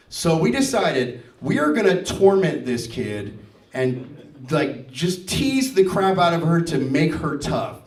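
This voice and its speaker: Animated male comedian in an echoey venue. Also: a little high, measured pace. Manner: animated storytelling, acting out family dialogue. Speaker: standup comedian. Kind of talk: standup comedy set. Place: stage before a live audience. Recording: echoey venue, mic heard from a distance.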